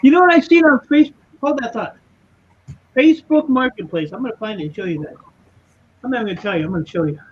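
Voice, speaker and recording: A man trading teasing, quick banter in a casual livestream chat. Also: very high voice, animated. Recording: dull lo-fi stream audio with faint hiss.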